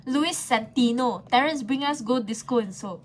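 A woman's voice: on the high side, normal speed, a little hiss or hum. A woman co-hosting a live sale, chatting casually and laughing often. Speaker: live-stream co-host.

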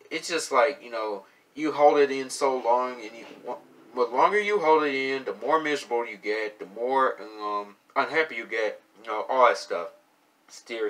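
Bright-voiced young man venting. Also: medium pitch, distant mic. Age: 20s. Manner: halting, many fillers and restarts, swings from subdued to loud and indignant. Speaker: vlogger, graphic designer. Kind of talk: casual venting monologue.

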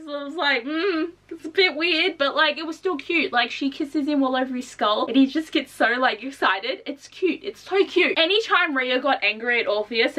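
Young female book vlogger, high bright voice, excitable, swears casually, slightly distant mic. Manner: gushing, swears casually, acts out characters in squeaky voices. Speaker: book reviewer. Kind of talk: casual book review vlog.

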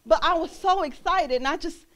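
A young woman minister preaching a sermon in a church, animated, laughing often and breaking into song. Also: very high-pitched, moderate pace.

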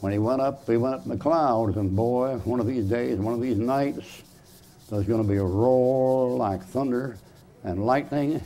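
Folksy preacher with a mellow voice. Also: male voice, medium pitch, measured pace, slight background noise. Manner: folksy and emphatic, asks and answers his own questions. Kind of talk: chalk-talk sermon, drawing while preaching. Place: church.

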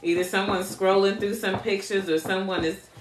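Chatting with viewers during a casual live card reading, a spiritual card reader speaks bluntly, swears and laughs a lot. Her medium-pitched voice has little pitch movement and a normal speed, and the room sounds echoey.

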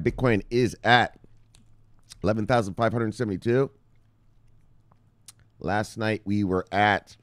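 A man hosting a casual crypto news show, swinging between loud hype and low, muttered anger, calling his viewers brothers. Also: no echo. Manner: calls viewers brothers, punchy catchphrases like bang and look look.

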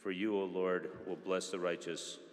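A man with a very low, level voice reads psalms aloud in a church. His reading is steady and even, with small slips and restarts now and then. A long reverb trails behind each phrase in the large space. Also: normal speed. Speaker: church reader.

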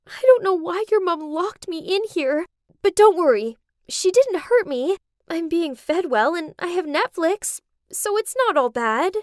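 A woman voicing an outspoken, indignant young bride from a rich family in an animated story. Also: a little slow, no room sound, clean studio sound. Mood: calm. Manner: emphatic, high-pitched outbursts.

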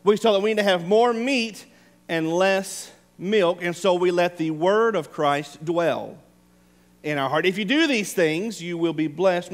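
A man preaching a sermon as pastor, retelling scenes with acted voices and dropping soft for emphasis. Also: high voice. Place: church sanctuary. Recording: long hall reverb.

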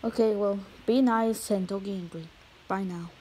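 Woman voicing a calm male therapist. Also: medium pitch, moderate pace, a little hiss or hum, close to an everyday voice, poor audio. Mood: reassuring. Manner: gentle, reassuring.

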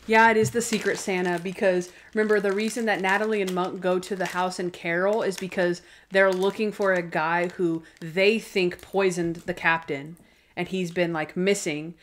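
A young woman co-hosting a podcast recaps TV episodes in casual chat. She peppers everything with "like" and slips into little voices for the characters' lines. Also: lowish voice. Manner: chatty, full of "like", acts out characters' lines. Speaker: podcast co-host.

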